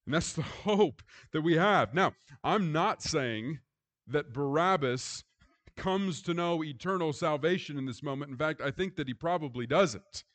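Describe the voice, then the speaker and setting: A middle-aged man who is a pastor, preaching a sermon with hushed, reflective stretches and rising, emphatic storytelling. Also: on the high side, lively intonation, measured pace.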